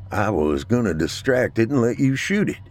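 A proud, wisecracking country husband in a horror audio story, voiced by a man. He speaks low and unhurried. His jokes come out dry. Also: big pitch swings. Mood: wry. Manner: wry, slow, low.

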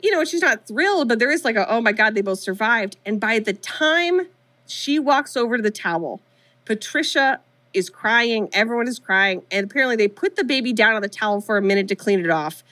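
A woman's voice: on the high side, expressive, pushed and bright, dry recording. A woman co-hosting a podcast live, chattily retelling a movie's plot scene by scene. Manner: chatty, retells scenes with quick quoted voices. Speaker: podcast co-host. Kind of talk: casual movie recap. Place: live show venue.

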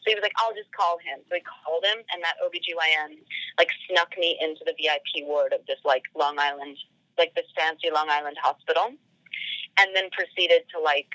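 A woman's voice: sits low, fairly quick, pushed and bright, no room sound, muffled recording. A woman guest on a podcast telling a personal story casually, full of "like" fillers and acted-out quoted dialogue.

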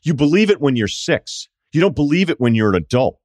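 A man's voice: on the high side, very animated, fairly quick, darkish tone, dry recording, studio quality. A middle-aged man hosting a sports podcast, delivering an opinionated, sarcastic monologue with mocking asides. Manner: sarcastic, mocking impressions of others. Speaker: podcast host.

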